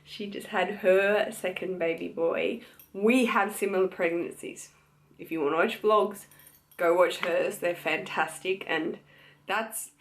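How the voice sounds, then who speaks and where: Chatty, unhurried Australian woman vlogger. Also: mid-range voice, a bit bright. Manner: chatty, gushing, many fillers. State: pregnant. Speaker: beauty vlogger. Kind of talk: casual chat to camera.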